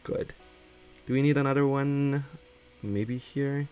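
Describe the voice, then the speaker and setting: A man's voice: medium pitch, fairly even intonation, slow, mellow, clean tone, faint music behind. A man who is not a native English speaker chats casually as a streamer while building in a game, laughing often and reading chat aloud.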